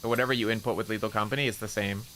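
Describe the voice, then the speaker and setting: A man's voice: fairly low pitch, steady tone, rapid-fire, fairly bright tone, slight background noise. A man chatting casually on a gaming stream, rambling through funny stories with lots of laughing and swearing. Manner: rambling, laughing storyteller who swears a lot.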